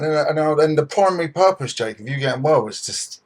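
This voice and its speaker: A man, a podcast guest in recovery, giving earnest advice in a husky voice, emphatic and swearing freely. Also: fairly high pitch, lively intonation, a little fast. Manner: emphatic, swears freely, repeats points for stress.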